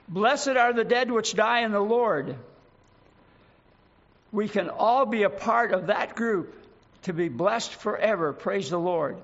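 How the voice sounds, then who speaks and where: An older man preaching a sermon, slow and emphatic, lingering on single words. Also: high voice, a bit bright, highs cut off.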